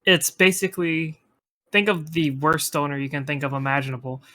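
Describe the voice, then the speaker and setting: A man's voice: a little high, steady tone, a little fast, sharp tone. A young man co-hosting a podcast, telling rambling stories in casual chat, swearing freely and laughing often. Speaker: podcast co-host.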